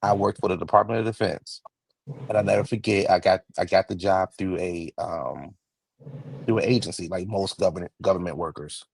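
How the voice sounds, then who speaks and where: Gravelly deep-voiced man telling a story. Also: brisk, no echo, poor audio. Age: 30s. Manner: storytelling, relaxed and conversational. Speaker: podcast co-host. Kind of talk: casual chat.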